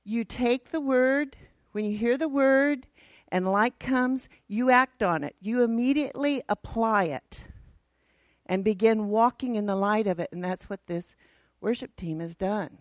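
Woman Bible teacher, higher voice, unhurried, teasing but direct. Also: no room sound. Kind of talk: casual church teaching.

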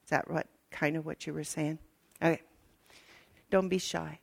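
A woman's voice: low-pitched, steady tone, moderate pace, creaky, slightly rough. An older woman minister, preaching a chatty, folksy sermon with asides to her congregation.

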